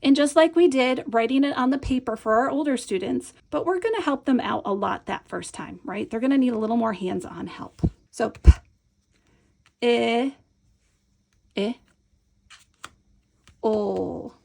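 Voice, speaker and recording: A woman's voice: high voice, lively intonation, a little fast, creaky, hardly any pauses, darkish tone. A woman teaching a hands-on reading lesson, patient and encouraging, often checking in with the viewer. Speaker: Montessori teacher. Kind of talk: instructional demonstration.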